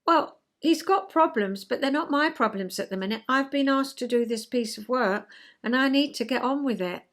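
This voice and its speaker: A woman's voice: high voice, moderate pace. Chatty woman in her sixties. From England. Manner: gentle, chatty, acts out little scenes with sighs of "oh dear". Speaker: vlog host, retired counsellor. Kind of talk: chatty explanatory monologue.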